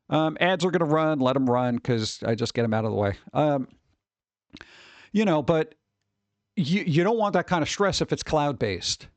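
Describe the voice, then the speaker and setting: A man's voice: fairly high pitch, dry recording. A man hosting a stream, chatting casually in a rambling way, with some swearing and chuckles. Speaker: streamer host. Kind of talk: casual chat.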